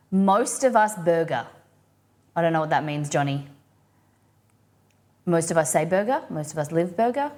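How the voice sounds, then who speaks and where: A chatty Australian woman hosting a live stream, rambling from one thought to the next with plenty of fillers and restarts. Her voice sits a little low, and she often slips into playful put-on voices for quoted phrases. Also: animated, normal speed. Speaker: livestream host. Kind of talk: casual chat reading viewer comments.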